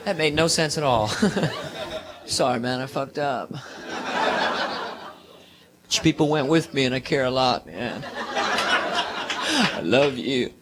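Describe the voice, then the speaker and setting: A man's voice: mid-range voice, lively intonation, takes it slowly, pauses often, very noisy. A man doing a live stand-up set in a comedy club, rambling playfully and teasing the audience.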